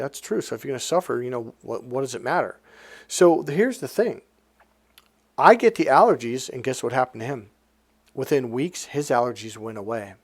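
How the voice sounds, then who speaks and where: A man's voice: medium pitch, no room sound. A man, a life coach, telling a personal story in a rambling, blunt, casual way, swearing now and then.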